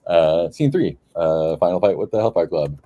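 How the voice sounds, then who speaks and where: A man in casual chat, brainstorming a story plot hesitantly with many pauses and restarts. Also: low-pitched, expressive, mellow, dull audio. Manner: hesitant, full of ums and restarts. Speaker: game player.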